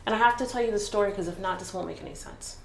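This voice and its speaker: Woman, from Jamaica, earnest storytelling, halting restarts, echoey room, faint ambience. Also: mid-range voice, gravelly, a little hiss or hum. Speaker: business owner telling her story. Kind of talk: personal storytelling in conversation. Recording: roomy echo.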